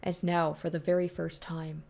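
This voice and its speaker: A woman's voice: fairly low pitch, little pitch movement, normal speed, gravelly, darkish tone. A woman reading a visual novel aloud in the voice of a young male ruler, brooding as he tells his story. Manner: brooding, first-person storytelling.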